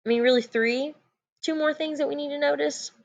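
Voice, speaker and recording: A woman's voice: sits high, fairly quick, vocal fry, dull audio. A woman elementary school teacher, giving a playful, joking recorded lesson. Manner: playful, animated teacher talk with jokes.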